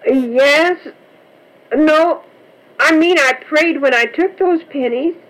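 A woman's voice: high-pitched, slow pace, fairly bright tone, pitched above the performer's own voice, low-quality recording. A woman voicing a tearful little girl under ten who pleads with her father. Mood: pleading. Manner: pleading, sobbing.

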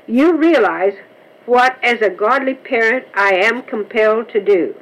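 A woman's voice: fairly high pitch, animated, a little slow, a bit bright, poor audio. A woman voicing a stern, solemn village pastor scolding his daughter.

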